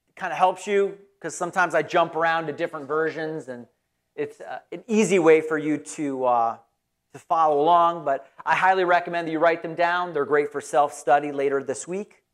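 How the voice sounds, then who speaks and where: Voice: mid-range voice, fairly quick. A pastor giving a conversational, folksy sermon in church.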